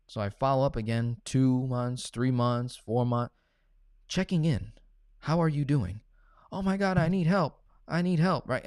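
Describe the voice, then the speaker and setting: A man coaching viewers on money, answering live questions in a blunt, animated way and acting out both sides of his stories. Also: medium pitch, no room sound, studio quality. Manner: blunt, animated storytelling, acts out callers and himself. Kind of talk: casual live Q&A.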